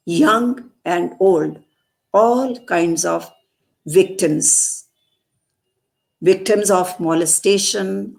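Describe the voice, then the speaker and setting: A woman reciting a poem and explaining it, repeating lines slowly for emphasis. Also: lowish voice, creaky, a little mellow. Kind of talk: poetry recitation with commentary.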